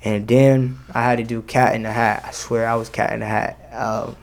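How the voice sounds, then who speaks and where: A young man with a gravelly edge and a flat, level delivery. He chats loosely in an interview, leaning on slang and filler words as he talks about himself. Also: mid-range voice, normal speed. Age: young adult. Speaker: rapper guest. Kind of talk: casual interview.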